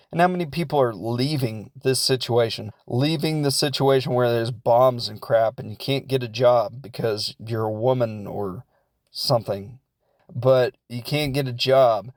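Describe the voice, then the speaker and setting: A man at a middle pitch riffs through a movie plot in a loose, rambling way, throwing in the characters' lines in quotes and laughing at his own jokes. The sound is dry and close, with no room around it. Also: unhurried, no echo. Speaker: podcast host reviewing a film. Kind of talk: casual comedic film recap.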